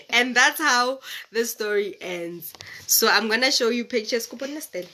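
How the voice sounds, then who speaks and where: Bright-voiced woman reading stories. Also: on the high side, expressive, moderate pace. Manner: chatty, explaining. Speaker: storyteller. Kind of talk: children's story reading.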